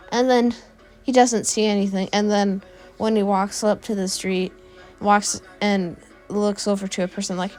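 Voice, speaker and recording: A woman tells an improvised fan story at a slow, easy pace, rambling and correcting herself as she goes. Her pitch sits in an ordinary middle range. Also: flat delivery, soft background music. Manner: rambling, with fillers and self-corrections.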